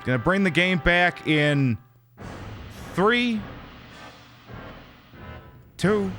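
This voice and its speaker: A man talking casually through a game stream. His voice is bright and swings widely in pitch as he rambles and riffs with his chat, over faint background music. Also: expressive, drawn-out words, pauses often. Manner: rambling and chatty, with many fillers and repeats, reacting to chat. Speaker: streamer playing a horror game. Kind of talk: casual livestream commentary.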